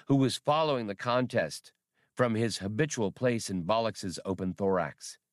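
A man reading a science fiction novel aloud as an audiobook narrator, with expressive storytelling. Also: on the low side, no echo, clean studio sound.

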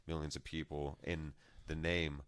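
A man's voice: extremely low pitch, flat delivery, unhurried, fairly bright tone, smooth. A man co-hosting a podcast, musing at length in a casual philosophical discussion and sometimes trailing off mid-thought. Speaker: podcast co-host.

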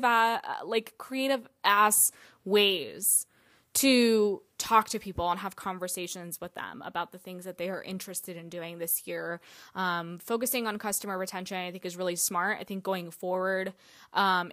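A woman's voice: medium pitch, a bit bright, no room sound. A woman hosting a solo podcast in a casual, chatty way, full of fillers and the odd swear word. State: out of breath. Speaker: podcast host.

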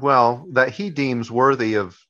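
A man's voice: medium pitch, fairly even intonation, a little slow, sharp tone, highs cut off. A man wisecracking and laughing while commenting on a horror film. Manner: dry wisecracks, frequent laughter. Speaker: co-host reacting to a film. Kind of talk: casual movie commentary.

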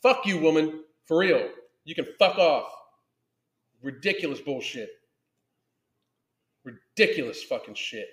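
A man's voice: on the high side, animated, a little slow, long pauses, echoey room. Profane, angry man ranting on a podcast. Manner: swears constantly, angry and emphatic, reads chat comments aloud. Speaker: podcast host reacting to a video and live chat. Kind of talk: profane live-stream rant.

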